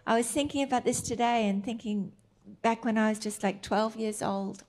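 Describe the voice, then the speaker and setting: A middle-aged woman preaching a sermon, tender and emphatic, slipping into soft whispered asides. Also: a little high, steady tone, moderate pace.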